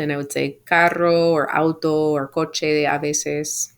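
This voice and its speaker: A woman teacher giving a recorded lesson from home, explaining patiently and saying example phrases slowly and clearly. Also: low voice, flat delivery. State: home sick. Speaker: Spanish teacher.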